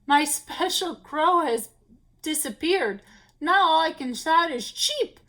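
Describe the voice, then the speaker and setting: A woman's voice: sits high, animated, slow, exaggerated voice. A woman voicing an embarrassed, pleading rooster. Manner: soft, pleading. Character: embarrassed male rooster who lost his crow. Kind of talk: children's storybook read-aloud.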